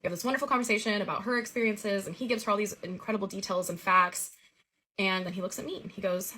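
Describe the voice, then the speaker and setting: A woman's voice: medium pitch, fairly even intonation, quick pace, sharp tone, slightly rough. A woman telling the story of a recurring childhood dream in a casual, earnest way.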